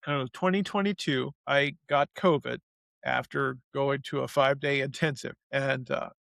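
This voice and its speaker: A man guest in an interview, telling a personal story in an animated way, speeding up and slowing down as he goes. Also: medium pitch, dry recording. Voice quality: gravelly.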